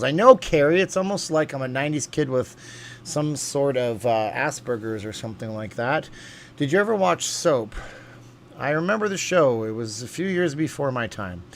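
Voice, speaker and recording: An American man hosts a livestream from home, speaking casually into a desk mic and reading viewers' comments out loud. His middle-pitched voice rambles along with lots of ums and uhs, and a faint hum lingers in the background.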